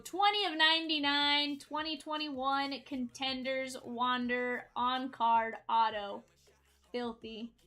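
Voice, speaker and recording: Bright high-voiced woman hyping card pulls. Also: takes it slowly. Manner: hypes card pulls, shouts out chat viewers. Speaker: card break host. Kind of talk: live-stream sales patter.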